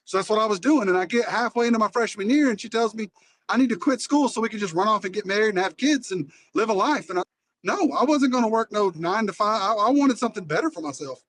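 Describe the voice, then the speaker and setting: A man's voice: high-pitched, expressive, fast talker, slight background noise. A man on a podcast panel, joking and telling stories in a casual group chat over an online call. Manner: joking, storytelling, loud bursts.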